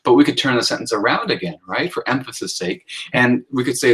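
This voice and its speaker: A man's voice: mid-range voice, animated, a little fast, hardly any pauses, fairly bright tone, poor audio. Man teaching a writing workshop, chatty. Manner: conversational teaching with many fillers, acting out example sentences in a lifted voice. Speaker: writing instructor. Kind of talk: recorded lecture walking through slides.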